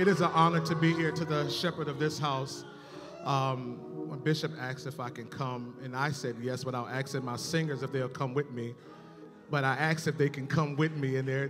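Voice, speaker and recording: High-voiced gospel singer praising over music. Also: male voice. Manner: slow, swelling praise shouts into singing. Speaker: gospel minstrel. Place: large church sanctuary. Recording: long reverb in a hall with live music. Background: band music.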